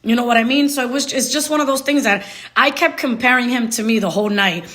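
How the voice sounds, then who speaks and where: A young woman telling a dating story in a casual, animated way, slipping into Spanish phrases. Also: fairly high pitch, fast. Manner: animated, laughing often, switches into Spanish. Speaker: storyteller vlogger.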